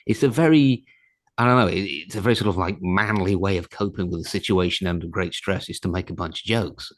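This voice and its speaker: A man's voice: sits low, a little fast, no echo. A man hosting a podcast, bantering casually and teasing his guest. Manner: joking, teasing. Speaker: podcast host.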